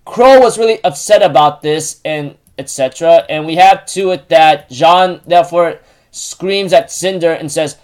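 Halting, filler-heavy man retelling an episode. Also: fairly high pitch, darkish tone. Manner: halting, full of fillers and restarts; repeats stock phrases while retelling. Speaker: show recap vlogger. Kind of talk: casual episode recap.

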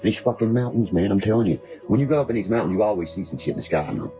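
Warm in tone and fairly low, this man's voice races along in a rough recording with background music. A guest from Virginia, from West Virginia, he rambles casually, curses freely and spins conspiracy talk.

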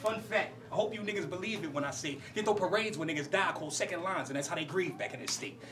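A man's voice: high-pitched, recorded from a distance, noisy background. A man from Louisiana rapping battle verses, boastful and menacing, repeating lines for the crowd. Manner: boastful, menacing punchlines delivered deliberately. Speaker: battle rapper. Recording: voice from off mic with a loud cheering crowd.

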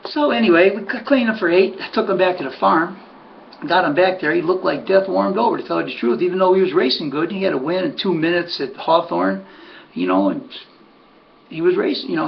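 Gravelly older man spinning a yarn. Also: fairly high pitch. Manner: rambling, conversational, says "buddy", many restarts. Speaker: harness horse trainer. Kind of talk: personal anecdote storytelling. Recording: dull lo-fi recording with faint hum.

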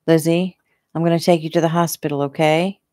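A woman reading the part of a gentle, apologetic male police officer in an audiobook. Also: low-pitched, level tone, brisk, dry recording, clean studio sound, natural voice.

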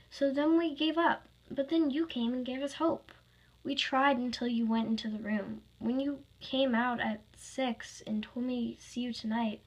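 A woman's voice: on the high side, natural voice, poor audio. A woman voicing a worried girl trapped inside an animatronic suit, explaining earnestly and pleading.

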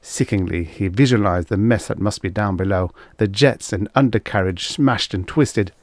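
Man narrating a sci-fi audiobook, steady measured read, lowish voice. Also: dry recording, studio quality. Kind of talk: scripted narration of vintage science fiction.

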